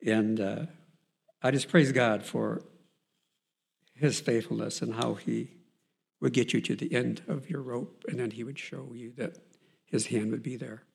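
A man's voice: mid-range voice, steady tone, a little slow, creaky, pauses often, husky. A man earnestly telling his Christian faith testimony as a story, with frequent fillers and restarts. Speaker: person giving a Christian testimony.

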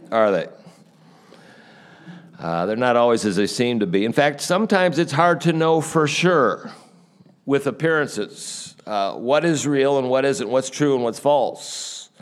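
A male pastor giving a conversational sermon, telling a story with frequent filler pauses. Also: medium pitch, clear, resonant tone.

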